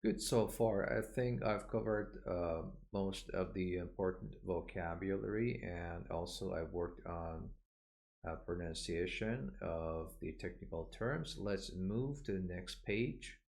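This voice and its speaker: A man teaching medical vocabulary in a recorded online lesson, explaining each term and repeating it slowly for pronunciation, with frequent "uh" fillers. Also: sits low, vocal fry, darkish tone.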